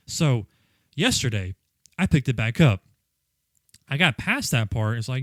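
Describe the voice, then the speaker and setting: A man's voice: mid-range voice, animated, moderate pace, no room sound. A man co-hosting a casual podcast, telling a frustrated, profane story about a video game. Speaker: podcast co-host.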